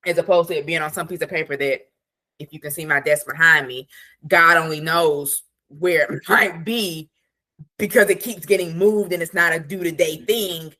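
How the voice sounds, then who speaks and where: A woman guest, an attorney and productivity coach, chatting casually on a podcast with lots of "like" and animated asides. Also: deep voice, moderate pace. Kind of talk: casual interview chat.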